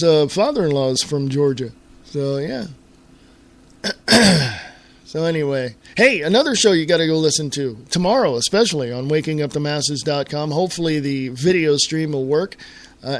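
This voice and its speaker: A middle-aged American man hosting his own internet radio talk show alone, ranting in an exasperated way and often repeating and restarting his words. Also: fairly high pitch. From United States. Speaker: host.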